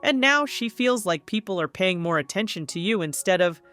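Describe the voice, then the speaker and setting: A woman's voice: mid-range voice, lively intonation, moderate pace, fairly bright tone, faint music behind, lightly acted. A woman voicing a middle-aged mother who presses and pleads in a guilt-tripping tone, in a story reading. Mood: pressing.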